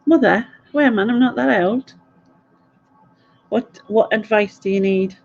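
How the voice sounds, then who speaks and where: A woman's voice: mid-range voice, measured pace, creaky, a little mellow, soft background music. A woman hosts a casual quiz stream. She rambles through stories and laughs often. Her voice comes through dull, lo-fi audio. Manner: chatty, rambling, laughs a lot. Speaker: quiz host. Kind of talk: casual live stream chat.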